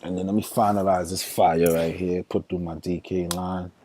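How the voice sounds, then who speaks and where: A man's voice: low voice, little pitch movement, normal speed, warm tone, slight background noise. A man, casually streaming while building fantasy basketball lineups, thinking aloud in loose slang and chatting with viewers. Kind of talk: casual livestream chat.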